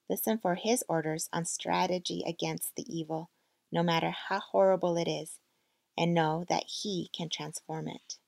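A woman voicing a calm female mentor who speaks from hard experience, in a measured, earnest reading. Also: on the low side, gravelly, no echo, clean studio sound.

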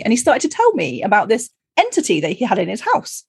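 Woman hosting a chat podcast, husky voice, dry close sound, chatty and quick to laugh. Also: mid-range voice, huge pitch swings, no echo. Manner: chatty, anecdotal, laughs easily. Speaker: podcast host. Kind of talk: casual chat.

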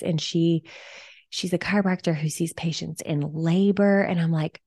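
Chatty low-voiced woman podcast host. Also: steady tone, moderate pace, mellow, husky, no echo. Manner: chatty, enthusiastic, many "like" fillers. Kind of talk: casual solo podcast tips.

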